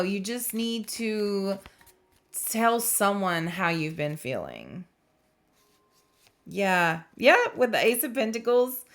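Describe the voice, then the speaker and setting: A young woman giving a tarot reading to her viewers, in a voice of middling pitch. She speaks slowly and musingly, pausing to feel things out, then offers gentle reassurance and the odd startled exclamation. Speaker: tarot reader. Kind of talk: intuitive tarot reading to camera.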